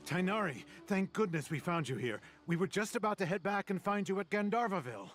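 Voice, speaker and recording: An earnest, urgent young forest ranger. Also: male voice, high-pitched, animated, brisk, faint music behind.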